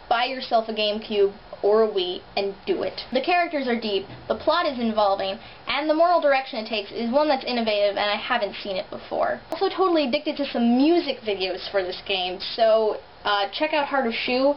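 Young woman vlogger, slight lisp, animated sarcastic chat, cheap camera mic, muffled audio. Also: fairly high pitch. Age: young adult. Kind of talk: casual vlog chat. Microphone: built-in camera mic. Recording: dull lo-fi camera audio, faint hiss.

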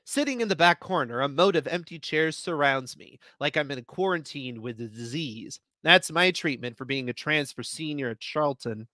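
A man giving a live reading of short stories, with expressive first-person narration. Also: on the high side, moderate pace, few pauses, dry recording. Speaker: reader.

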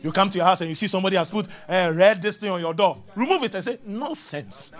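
A man preaching a sermon, swinging between loud, emphatic lines and low murmurs, and laughing at his own jokes. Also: very fast, a little hiss or hum. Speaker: pastor.

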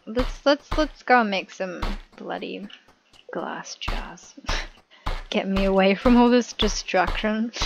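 A woman's voice: mid-range voice, vocal fry, background noise. Giggly woman chatting over a game. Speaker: gaming YouTuber. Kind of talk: casual let's-play commentary.

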